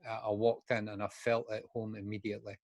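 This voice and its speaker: A man's voice: fairly low pitch, little pitch movement, quick pace, darkish tone, no echo. Candid Scottish man in his sixties. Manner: frank, acts out remembered dialogue. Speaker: guest speaker in recovery. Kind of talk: candid personal storytelling.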